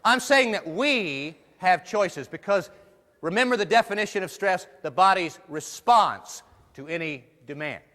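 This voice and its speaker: A man's voice: high-pitched, animated, measured pace, sharp tone. A man giving a humorous keynote talk to a live audience, playful and jokey, putting questions to the crowd. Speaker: motivational speaker. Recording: long hall reverb.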